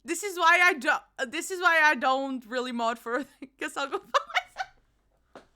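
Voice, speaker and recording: A woman game streamer chatting casually with her viewers, bubbly and quick to laugh, calling people darling. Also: high voice. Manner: bubbly, bursts into loud panicked squeals and laughter. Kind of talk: casual live-stream chat.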